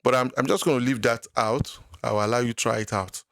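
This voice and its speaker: Gravelly man walking through a tutorial. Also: mid-range voice, a little fast, a bit bright, dry recording, clean studio sound. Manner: patient, step-by-step, talks through each click. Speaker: software tutorial instructor. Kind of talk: screen-recorded software tutorial.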